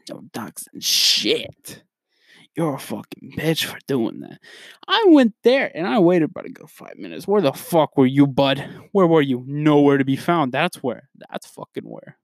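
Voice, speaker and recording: A man's voice: medium pitch, no room sound. Young male podcast host, crude rambling rants, dry close sound. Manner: profane, animated, rambling. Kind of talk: casual ranting monologue.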